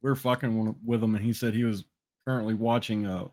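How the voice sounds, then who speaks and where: A man's voice: on the low side, fairly even intonation, fairly quick, darkish tone. A man co-hosting a casual chat, telling a profane anecdote with laughs. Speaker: co-host guest.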